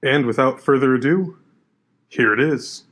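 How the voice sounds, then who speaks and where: A man co-hosting a casual podcast, telling an animated story and quoting his buddy. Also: medium pitch, a little slow. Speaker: podcast co-host. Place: gym room. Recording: echoey room with faint noise.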